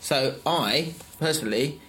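A man's voice: mid-range voice, unhurried, a bit bright, lightly acted. A man playing an exasperated partner who scolds a lazy spouse, half laughing as he talks.

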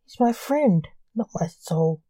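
A man's voice: high-pitched, expressive, takes it slowly, warm tone, no room sound. A woman voicing a famous male stage illusionist who grows defensive and frightened under a caller's threats.

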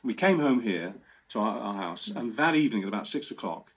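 Husky chatty man in his sixties. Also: fairly low pitch, a little fast. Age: 60s. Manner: chatty, animated storyteller with restarts. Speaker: guest presenter. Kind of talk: casual storytelling.

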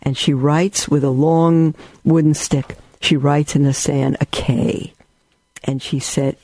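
A man's voice: a little high, level tone, slow pace, dry recording. A man giving a rambling spiritual talk, telling stories with asides. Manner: storytelling, warm and rambling with asides. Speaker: religious teacher.

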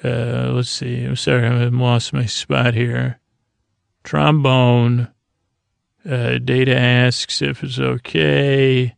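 Host for a sleep-story podcast: a man with a very gravelly, monotone voice, halting and meandering, dry close sound. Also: mid-range voice, no echo. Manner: halting, meandering, full of filler pauses. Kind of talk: rambling sleep-story episode retelling.

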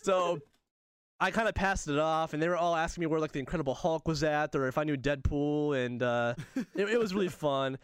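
Animated young man telling a story. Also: a little high, a little fast, smooth, no echo, clean studio sound. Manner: animated, laughs often, acts out voices. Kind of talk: casual storytelling chat.

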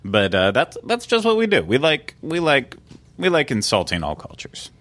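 A man co-hosting a podcast, chatting casually and reading promo copy aloud in a slow, deliberate way, laughing often. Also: mid-range voice, wildly swooping pitch, fairly bright tone. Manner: jokey, laughs often, reads slowly and deliberately. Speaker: podcast co-host.

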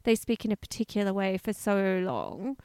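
Lively co-host woman, expressive and bright-voiced, dry recording. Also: medium pitch, normal speed, clean tone, no room sound. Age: 30s or older. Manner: animated, laughs often, wonders aloud. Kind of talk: casual chat.

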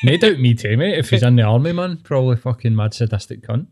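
A man's voice: mid-range voice, lively intonation, quick pace, a little mellow. A man with a Scottish accent co-hosting a podcast, chatting bluntly with plenty of swearing. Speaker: podcast co-host. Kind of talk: casual podcast chat.

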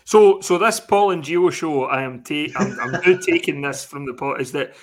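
A man's voice: fairly high pitch, normal speed. A man co-hosting a podcast, talking in sweary, rambling banter. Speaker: podcast co-host. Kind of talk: casual chat.

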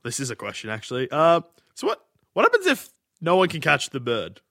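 A man's voice: a little high, wildly swooping pitch, a little fast, gravelly, bright, forceful tone, no echo, studio quality. A man co-hosting a comedy podcast, firing off wry questions and casual swearing. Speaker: podcast co-host.

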